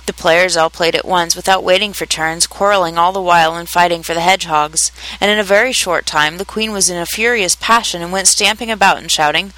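A reader giving a measured, expressive narration of a children's story. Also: medium pitch, no echo, low-quality recording.

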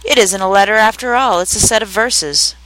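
The White Rabbit is a fussy, hurried court herald, voiced by a woman narrator, announcing formally with a bright tone. The sound is close and dry. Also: medium pitch, no room sound, natural voice, low-quality recording.

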